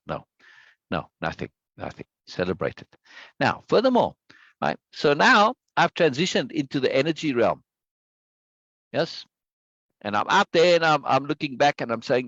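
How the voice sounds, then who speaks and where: A man's voice: medium pitch, sing-song, normal speed, vocal fry, fairly bright tone, dry recording. A man speaking earnestly and emphatically as a self-development teacher, repeating key phrases in a reflective talk to his listeners. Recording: dull lo-fi dry sound.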